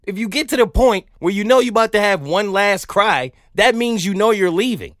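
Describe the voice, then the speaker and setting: A man's voice: high-pitched, fairly quick, no room sound, studio quality. A man hosting a podcast, telling stories and riffing in a casual comic monologue, sometimes singing bits of songs. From Southern United States. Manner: animated storytelling, sings snippets of songs. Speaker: podcast host.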